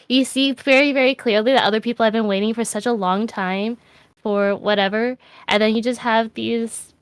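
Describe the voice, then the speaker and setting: A woman answering a game show question, thoughtful at first and then animated and playful. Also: on the high side, no echo, clean studio sound. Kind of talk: casual answers.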